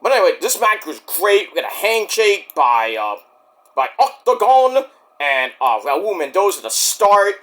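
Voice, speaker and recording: A man rambling through a casual wrestling review, swearing freely and easily excited. His voice is bright and sharp, and his pitch swings widely as he talks. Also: unhurried.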